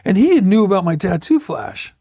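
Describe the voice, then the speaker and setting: Brief: middle-aged male tattoo artist, high gravelly voice, swearing storyteller, close dry sound. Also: wildly swooping pitch, a little fast, warm tone, dry recording. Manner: profane, blunt storytelling with acted-out quotes. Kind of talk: casual storytelling interview.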